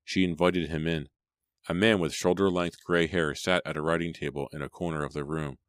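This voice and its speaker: A steady, measured audiobook narrator reads a scripted storybook aloud. His voice is extremely deep, captured in a close, dry recording with almost no room sound.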